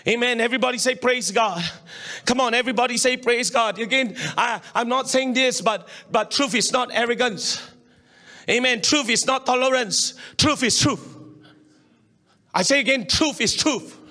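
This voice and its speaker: A man's voice: very high-pitched, moderate pace, sharp tone. A middle-aged man preaching a sermon. He talks emphatically, repeats himself and keeps calling on the congregation to respond, with frequent chuckles between points. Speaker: pastor.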